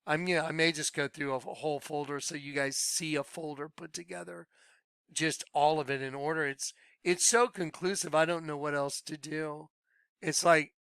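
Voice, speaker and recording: A man talking excitedly to his viewers, laughing often and trailing off mid-sentence. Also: fairly high pitch, creaky, clear, resonant tone, no room sound. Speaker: video blogger. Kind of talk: rambling monologue to viewers.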